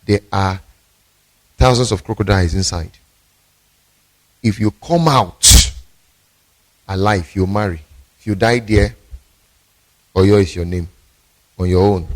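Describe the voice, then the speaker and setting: A man playing a grave, stern king who delivers a warning. The voice sits low and subdued, well below the speaker's own pitch. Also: slow pace, long pauses. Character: stern old king warning his daughter's suitors.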